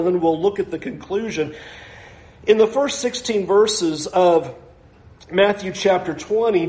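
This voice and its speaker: A man preaching a sermon, earnest and emphatic, voicing quoted speakers with rising pitch. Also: darkish tone, roomy sound. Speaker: pastor.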